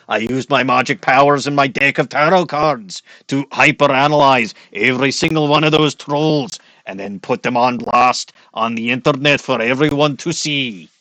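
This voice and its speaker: A man's voice: medium pitch, bright, forceful tone, dry recording. A man doing a put-on Scottish accent, playing a hot-tempered, boozy Scotsman with tarot magic, rolling his words and dropping in "laddie" and "aye". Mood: indignant. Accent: put-on Scottish accent, admittedly poor. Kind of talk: let's-play character voice.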